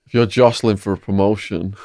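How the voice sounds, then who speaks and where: An English man hosting a podcast who tells his stories in a vivid, animated way. His voice sits a bit low, and the recording is dry and close with no room sound. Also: a little fast, no echo. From England. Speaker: podcast host. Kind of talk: storytelling in a conversation.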